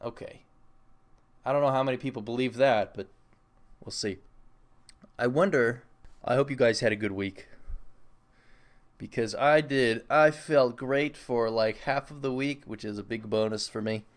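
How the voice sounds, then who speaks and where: A man's voice: mid-range voice, moderate pace, pauses often. Rambling self-mocking man podcasting. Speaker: podcast host. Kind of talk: casual solo podcast chat.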